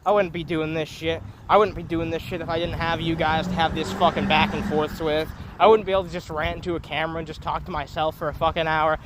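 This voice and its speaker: High-voiced man ranting profanely on stream. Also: noisy background. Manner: profane, rambling, self-mocking. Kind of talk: solo livestream rant. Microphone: phone.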